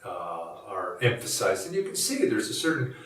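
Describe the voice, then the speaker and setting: A man giving a reflective spiritual talk in a measured, musing, conversational way. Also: on the low side, very animated, a bit bright. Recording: echoey room from a distant mic.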